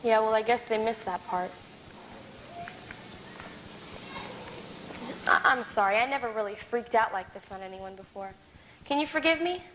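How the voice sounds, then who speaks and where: A woman's voice: on the high side, brisk, a little hiss or hum, natural voice. A young woman playing a troubled, guarded teenage girl in a stage musical, stammering when upset and singing a wistful song. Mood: defensive. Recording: echoey stage recording with loud music.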